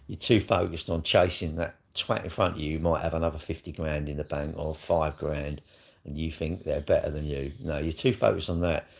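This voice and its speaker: A man's voice: very deep voice, creaky, darkish tone. A middle-aged man with a South East London accent, chatting casually on a live stream in a blunt, sweary, rambling way.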